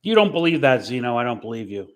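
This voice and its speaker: A man on a podcast panel, chatting casually and teasing the host with quick quips. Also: medium pitch, big pitch swings, fairly bright tone. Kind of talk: casual chat.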